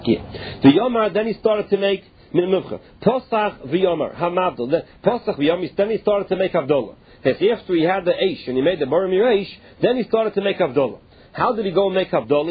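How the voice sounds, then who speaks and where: A man's voice: high-pitched, animated, fast talker, husky. A man teaching a Talmud passage. He reads each Aramaic phrase and then restates it in plain English. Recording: tinny phone-line sound.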